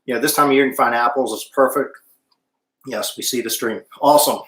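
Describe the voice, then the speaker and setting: A man's voice: mid-range voice, fairly even intonation, fairly quick, fairly bright tone. Chatty male cooking host, roomy echo. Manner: chatty, stops to hum while tasting. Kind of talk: casual live-stream cooking chat.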